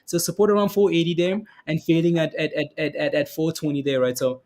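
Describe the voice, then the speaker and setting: Brisk and slightly high, with a somewhat mellow quality, this man gives casual live-stream commentary on stock charts. He's chatty and repetitive, reads viewer comments aloud, and keeps asking "right, guys?"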